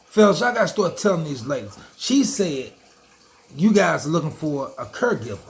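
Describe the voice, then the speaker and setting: Loud, gravelly man ranting on his vlog. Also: high-pitched. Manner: loud, profane, animated storytelling. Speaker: vlogger host. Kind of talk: casual storytelling rant.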